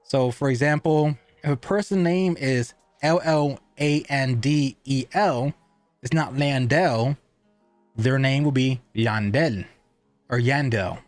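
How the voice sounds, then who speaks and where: A man's voice: mid-range voice, measured pace, darkish tone, no echo, faint music behind. A man giving a casual cigar review, rambling and asking and answering his own questions.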